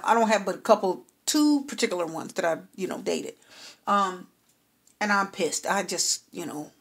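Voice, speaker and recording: A woman's voice: medium pitch, slightly rough. A woman giving a personal tarot reading, talking straight to the client, repeating her points and checking in with "okay?". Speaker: tarot reader.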